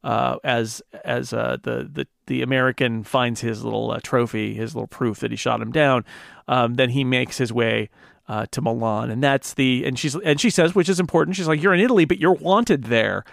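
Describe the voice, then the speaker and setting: A man's voice: medium pitch, steady tone, normal speed, gravelly, no room sound. A man co-hosting a podcast, chatting casually about a film in a rambling, wry, self-correcting way on a close mic. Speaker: podcast co-host.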